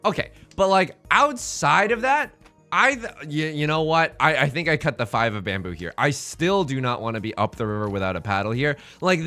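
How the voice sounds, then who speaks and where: A man talks through a game in loose, joking commentary, wandering off into asides and banter. His pitch jumps around a lot, and his tone is bright and forceful. Soft game music plays underneath. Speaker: let's play host. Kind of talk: casual gameplay commentary.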